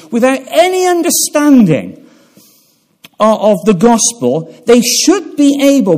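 A man preaches a sermon in a chapel. His voice sits fairly high and swings widely in pitch, and he takes his time, pausing between phrases before building to emphatic peaks. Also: a little mellow. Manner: measured delivery with pauses and fillers, swelling for emphasis.

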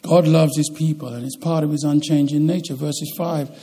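A man preaching a sermon as pastor, swinging between loud, emphatic lines and quiet, slow ones. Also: fairly high pitch, steady tone.

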